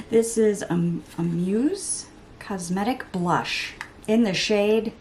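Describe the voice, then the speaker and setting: In a very noisy recording, a woman in her thirties talks unhurriedly at a medium pitch while putting on makeup at home. She's a beauty vlogger doing a chatty get-ready-with-me video, full of rambling, self-mockery, and the occasional muttered or whispered aside.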